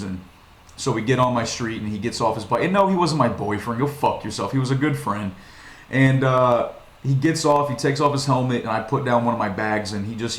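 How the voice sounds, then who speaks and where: Profane rambling young man, echoey room. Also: medium pitch. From Virginia, USA. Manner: rambling, profane, frequent restarts. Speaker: vlogger. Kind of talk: casual storytelling monologue.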